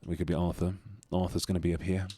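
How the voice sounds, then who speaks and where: A man's voice: low-pitched, level tone, fast talker, warm tone, no echo. A man chatting casually with his live-stream viewers, playful and jokey, slipping in and out of put-on accents and silly voices. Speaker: livestreamer.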